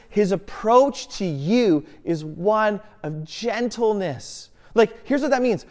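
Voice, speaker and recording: A man's voice: fairly high pitch, a little mellow. A man preaching a sermon as a pastor, earnest, often asking himself a rhetorical question and answering it.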